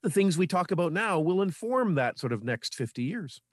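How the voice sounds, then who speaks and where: A man's voice: high-pitched, sing-song, moderate pace, dry recording, clean studio sound. A man from Manitoba, Canada, speaking as a guest in a casual radio interview, earnest and informative with small restarts. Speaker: radio guest on local history.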